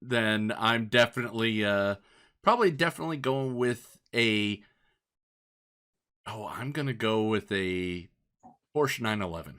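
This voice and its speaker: A man's voice: on the low side, lively intonation, a little slow, pauses often, fairly bright tone. A man hosts a podcast from a home studio, keeping the talk loose and upbeat. He chats freely and often restarts his sentences mid-thought. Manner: upbeat, chatty, prone to restarts. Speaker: podcast host. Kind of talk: casual chat.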